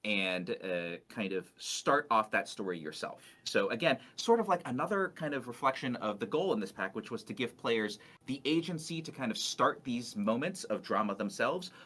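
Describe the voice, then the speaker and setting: A man presenting gameplay on a livestream. He explains each feature patiently, with plenty of "uh" and "kind of". His pitch moves around a lot as he talks. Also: lively intonation, moderate pace, few pauses, bright, forceful tone. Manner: explanatory, many fillers and hedges. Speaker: game developer presenting gameplay.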